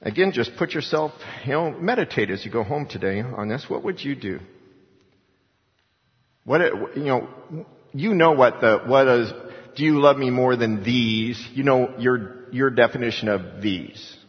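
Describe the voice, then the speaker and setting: A man's voice: mid-range voice, unhurried. Preaching man in a reverberant hall. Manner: preaching with sudden swings between loud emphasis and quiet asides. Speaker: pastor. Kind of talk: sermon. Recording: dull sound with long hall reverb.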